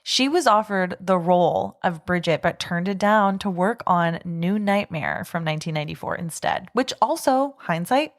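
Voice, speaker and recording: A woman's voice: fairly low pitch, expressive, normal speed, few pauses. A young woman co-hosting a podcast, chatting casually, laughing often and sharing fun facts. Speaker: podcast co-host.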